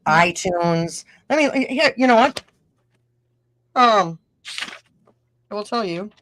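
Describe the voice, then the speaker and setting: A middle-aged woman with a northern Minnesota accent chats as a guest on an interview, a musician who also podcasts. Her medium-pitched voice is animated and a bit bright, and she takes her time, rambling through stories and laughing often. There's slight background noise.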